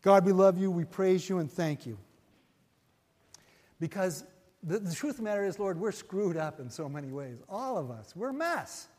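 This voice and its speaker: A male pastor preaching a sermon and leading an altar-call prayer, earnest and folksy, repeating his phrases and dropping to a hush as he prays. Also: high-pitched, expressive, normal speed, in a large hall. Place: church sanctuary.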